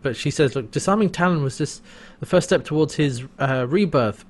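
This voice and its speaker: A man's voice: fairly high pitch, lively intonation, normal speed, crowd noise. A man co-hosting a podcast, casually retelling a TV episode scene by scene, with quoted lines and laughter. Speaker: podcast co-host recapping an episode. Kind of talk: casual chat.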